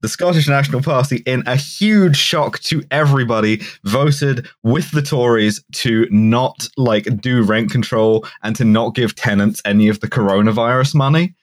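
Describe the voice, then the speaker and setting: A man's voice: mid-range voice, normal speed, few pauses. Sardonic, sweary man in casual chat. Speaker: podcast co-host.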